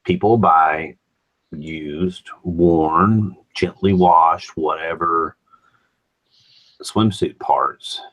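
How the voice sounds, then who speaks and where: A man's voice: low-pitched, drawn-out words, fairly bright tone, low-quality recording. A man hosting a casual morning chat show, asking rambling questions full of restarts.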